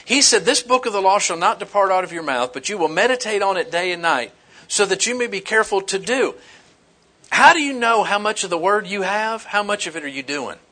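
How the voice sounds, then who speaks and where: A middle-aged male pastor preaching with a bright, slightly raised voice. He swings between scripture and homespun stories with easy humor and animated emphasis. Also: high-pitched, brisk. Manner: animated, folksy storytelling with humor. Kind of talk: sermon.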